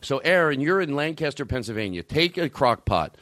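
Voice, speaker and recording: A man's voice: mid-range voice, very animated, fairly quick, fairly bright tone, no echo, studio quality. A man hosting a comedy show, rambling and hyper, swearing freely as he jumps between topics. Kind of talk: rambling comic banter.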